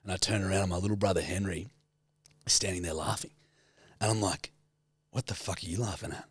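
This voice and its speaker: A man in his thirties with an Australian accent, co-hosting a podcast and telling stories in a loose, animated way with plenty of swearing. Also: deep voice, a little fast, husky, no echo. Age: 30s. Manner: swears freely, animated storyteller. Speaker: podcast co-host. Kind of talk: casual storytelling chat.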